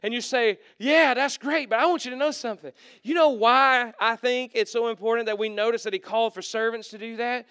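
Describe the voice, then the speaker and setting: High clear-voiced preacher man acting out the story, loud then hushed. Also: fairly quick, hardly any pauses, no room sound, clean studio sound. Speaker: pastor. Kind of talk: sermon.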